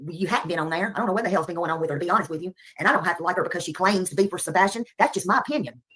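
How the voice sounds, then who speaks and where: A woman's voice: lowish voice, racing, a bit bright, breathy edge. Woman, livestream rant, heated, repetitive. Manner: heated, repetitive, thanking viewers between outbursts.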